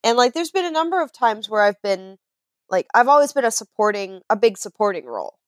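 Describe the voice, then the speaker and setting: A woman with a fairly high voice chats casually and tells stories with lively energy. She acts out quoted voices and laughs through them, and the recording is close and dry. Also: a little fast, no room sound. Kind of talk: casual chat.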